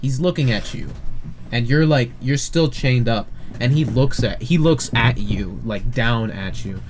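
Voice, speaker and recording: A man narrating as game master in a casual, halting way with many fillers. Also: mid-range voice. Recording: noisy home recording.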